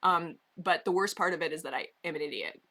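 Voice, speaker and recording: Woman, livestreamer, bright voice, rambling casual chat, lots of fillers, basement bedroom. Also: lowish voice, brisk. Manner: chatty, rambling, many "um"s and "like"s.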